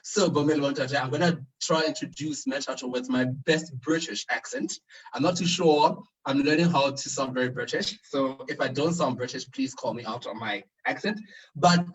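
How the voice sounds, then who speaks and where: A man's voice: medium pitch, moderate pace, slightly rough, distant mic, poor audio. A man working as MC of a virtual conference, upbeat and playful, speaking over an online call. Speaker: virtual event MC. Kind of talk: conference hosting.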